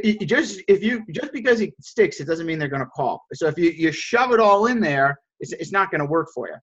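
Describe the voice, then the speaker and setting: A man leading a sales coaching call with his group. He stumbles over and repeats words and keeps checking in with "right?". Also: on the high side. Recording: dull lo-fi audio.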